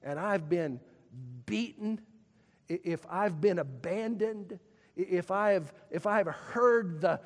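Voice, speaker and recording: Male preacher, high voice, slow delivery, repeats words, moves between loud calls and hushed lines. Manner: preaching with repetitions and dramatic pauses, swinging from loud to hushed. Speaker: pastor. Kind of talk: sermon. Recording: long reverb of a church hall.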